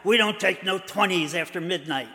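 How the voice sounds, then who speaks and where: A man's voice: high voice, normal speed, sharp tone, long reverb tail. A man voicing a curt, unhelpful late-night druggist who gives blunt refusals.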